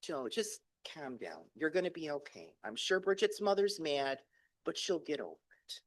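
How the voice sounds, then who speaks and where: Calm, hushed mom figure with a reassuring tone; a man puts her on. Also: low voice, normal speed, no room sound. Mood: soothing. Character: calm, soothing middle-aged mother.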